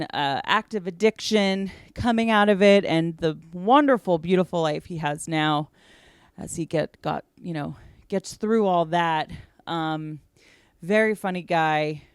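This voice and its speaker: A woman's voice: mid-range voice, smooth, dry recording, studio quality. A woman hosting a podcast, chatting casually with many fillers and a little out of breath. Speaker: podcast host.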